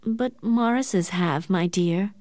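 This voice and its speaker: A woman reading the part of a meddling, excitable middle-aged aunt, insistent and fussy. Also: slow, no echo, studio quality, close to an everyday voice. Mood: knowing. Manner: insistent and fussy, rising shrill when upset. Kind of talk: audiobook character reading.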